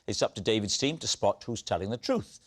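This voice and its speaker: A man's voice: lowish voice, animated, brisk. A man hosting a comedy panel show, announcing each round in a theatrical way. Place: TV studio. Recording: loud studio audience.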